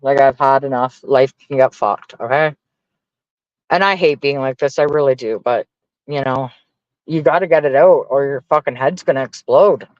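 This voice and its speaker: A man's voice: medium pitch, normal speed, dry recording, dull audio. A man venting casually to his stream viewers, profane and exasperated as he rants. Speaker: livestreamer talking to chat.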